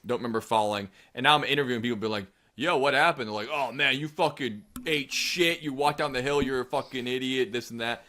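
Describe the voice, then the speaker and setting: A young man in his twenties co-hosts a podcast, telling a rambling, profane story and acting out the quotes in a casual storytelling chat. His medium-pitched voice is pushed and bright, moving fairly quickly with few pauses.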